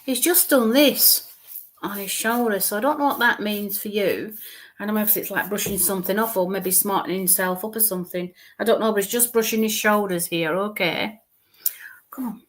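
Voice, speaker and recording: A woman delivers a live mediumship reading in a mid-range voice. Her speech is halting, with repeated words as she describes what she sees, and at times it drops to a murmur.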